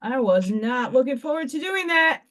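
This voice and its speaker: A woman's voice: high voice, very animated, normal speed, fairly bright tone. A woman hosting a casual live craft stream from home, chatting and rambling to herself as she works. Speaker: livestream host.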